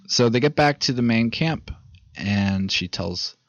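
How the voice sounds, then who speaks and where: Low-voiced man rambling through a movie recap. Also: expressive, unhurried, fairly bright tone, dry recording. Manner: rambling, swearing, quoting characters in retellings. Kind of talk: casual movie recap chat. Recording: dull, dry lo-fi recording.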